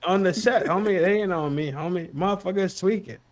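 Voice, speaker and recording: A man's voice: high-pitched, a little fast. A man arguing heatedly on an online panel call, profane and repetitive, stammering over his words. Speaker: panel guest.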